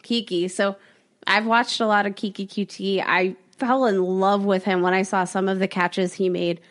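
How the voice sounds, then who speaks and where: A woman with a mid-range voice co-hosts a podcast in a loose, conversational way. She jokes around, then moves quickly into detailed analysis. She speaks into a podcast mic. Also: mid-range voice, level tone. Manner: playful, joking, quick with analysis. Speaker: podcast co-host. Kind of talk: casual podcast chat.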